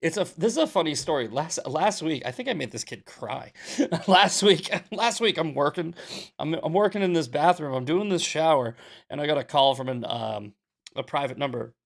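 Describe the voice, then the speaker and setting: Male host, young adult, gravelly and a touch high, blunt sarcastic chat. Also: normal speed. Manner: blunt, sarcastic, animated storytelling. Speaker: podcast host. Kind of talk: casual commentary, reading questions.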